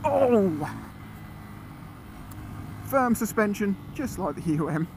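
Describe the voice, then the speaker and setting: A man talking casually as he rides a motorcycle, chatty and excitable, often exclaiming. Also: high-pitched, moderate pace. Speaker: motorcycle vlogger. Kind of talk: casual ride commentary. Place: outdoors on a moving motorcycle. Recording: loud wind and engine noise.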